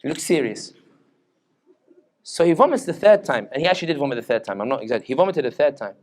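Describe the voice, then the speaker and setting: Speaking fast in a mid-range, darkish voice, a political analyst from Tunisia with a British accent is very animated. He is the guest speaker at an Islamic center, delivering a public talk laced with jokes and anecdotes.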